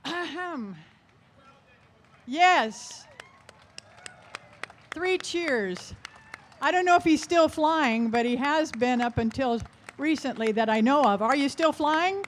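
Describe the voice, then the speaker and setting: An older woman, emotional and halting, introducing and singing a patriotic song at a ceremony. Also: high voice, animated, a little hiss or hum. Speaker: singer at a ceremony.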